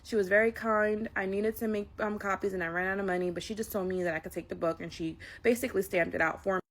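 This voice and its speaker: A woman voicing a flustered young library patron who talks in rushed, anxious explanations. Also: mid-range voice, steady tone, natural voice.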